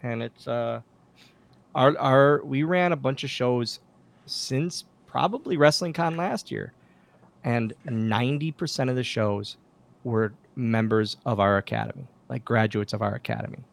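Gravelly-voiced man telling wrestling stories. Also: mid-range voice, unhurried. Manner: animated anecdotes, acts out quoted dialogue, many restarts. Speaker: guest, former pro wrestler and wrestling school owner. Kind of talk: casual interview storytelling. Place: podcast studio.

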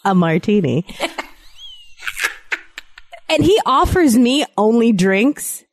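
A woman in her thirties chatting casually as a podcast co-host, telling stories with big swings in pitch when she exclaims. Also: slow, a little hiss or hum. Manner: animated storyteller, jumps in pitch when exclaiming. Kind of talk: casual chat.

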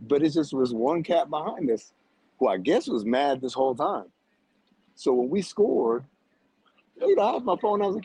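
A man on a podcast telling a story in a loud, animated way, laughing often and using lots of slang. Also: medium pitch, normal speed, long pauses, slightly rough, dry recording, low-quality recording. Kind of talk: casual chat.

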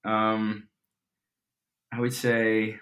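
Young actor guest from Colorado, slightly low voice, rambling and lively anecdote teller. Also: male voice, drawn-out words. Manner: chatty, animated storyteller with fillers. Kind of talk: casual storytelling interview.

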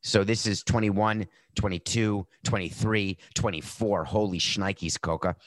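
A man hosting a sports betting podcast, talking casually and animatedly, jumping between loud outbursts and muttered asides. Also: lowish voice, fairly even intonation, measured pace, no echo.

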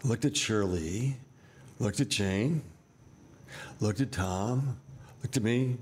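A man's voice: fairly low pitch, slow pace, darkish tone, slight background noise. A man in his seventies, an actor and director, telling rambling, vivid stories with wry asides in an interview. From United States. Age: 70s. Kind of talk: candid storytelling interview.

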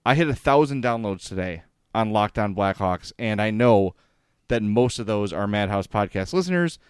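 On a casual hockey podcast, this host talks with eager, chatty energy, reads sponsor spots, and occasionally chokes up. His voice is on the low side and smooth, with lively intonation and a moderate pace, in a dry, studio-quality recording.

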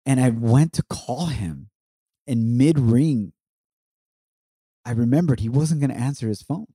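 A man in his thirties talks through a painful personal loss with a heartfelt, reflective manner, now and then slipping into Spanish phrases. His voice is mellow and warm in tone, recorded close and dry. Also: medium pitch, expressive, a little slow, breathy edge, no echo. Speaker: podcast co-host. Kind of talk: emotional personal testimony.

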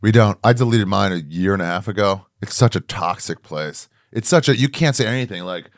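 A middle-aged man with a lowish voice tells stories in a loose podcast chat. He jumps into the voices of the people he quotes and swears freely. The sound is close and dry in a studio. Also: brisk, dry recording. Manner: animated storyteller, acts out quotes, swears freely. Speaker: comedian guest.

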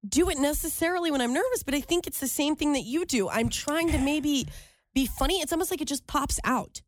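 A woman's voice: high-pitched, a little fast, no echo, clean studio sound. A woman co-hosting a talk radio show in casual chat, chatty and laughing often, trailing off mid-sentence. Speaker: radio co-host.

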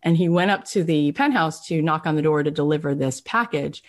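A woman podcast host telling a story in a casual, animated way, full of "like" fillers and lively acted-out quotes. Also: deep voice, a little fast. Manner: animated, chatty, many "like" fillers.

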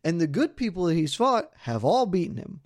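A man's voice: a little high, very animated, brisk, no room sound, studio quality. A man co-hosting a sports betting podcast, talking loosely and poking fun at himself as he walks through his wagers. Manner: loose, rambling, self-deprecating. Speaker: podcast co-host. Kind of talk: casual betting podcast chat.

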